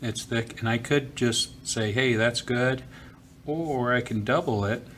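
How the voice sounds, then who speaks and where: Relaxed man narrating a drawing lesson. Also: mid-range voice, a little slow, slight background noise. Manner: relaxed, talks while drawing, frequent fillers. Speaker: art teacher. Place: school office.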